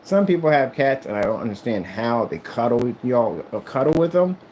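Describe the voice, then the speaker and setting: A man's voice: medium pitch, big pitch swings, fairly quick, darkish tone, a little hiss or hum, rough recording. A man chatting casually to camera in an emphatic, rambling way, often repeating himself. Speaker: vlogger.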